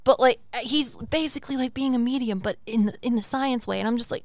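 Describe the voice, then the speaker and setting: Animated high-voiced woman podcaster. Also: fairly quick, dry recording. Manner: animated, rambling, swears, acts out quotes. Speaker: podcast co-host and psychic medium. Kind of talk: casual podcast chat.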